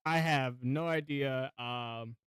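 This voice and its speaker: A man's voice: medium pitch, takes it slowly, a bit bright, clear, resonant tone. A man chatting casually on a live stream, laid-back and laughing often as he talks. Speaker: aspiring voice actor streamer.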